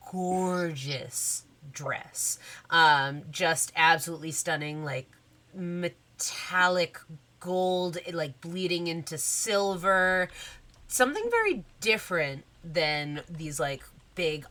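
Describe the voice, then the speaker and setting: A woman narrating a tabletop game as its game master, taking her time over each description and leaning on loose fillers. Her voice is bright, with lively swings in pitch.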